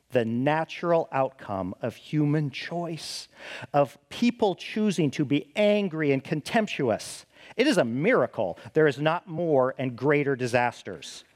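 A man preaching a sermon as a pastor, asking the listeners questions and often adding "right?" as he restarts his sentences. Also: mid-range voice. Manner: animated, asks the listeners rhetorical questions; frequent restarts and "right?" tags.

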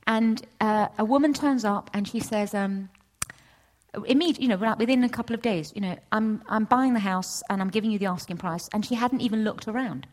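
A middle-aged woman giving a testimony at a church session, storytelling with lively acted-out dialogue. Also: a little fast. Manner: animated storytelling, acts out voices with big pitch jumps. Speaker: church speaker. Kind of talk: testimony sermon.

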